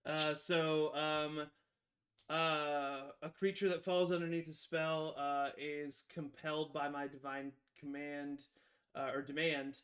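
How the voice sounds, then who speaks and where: A man playing a tabletop game, talking casually in an animated, rambling way full of fillers and laughs. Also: fairly high pitch, slow. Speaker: player.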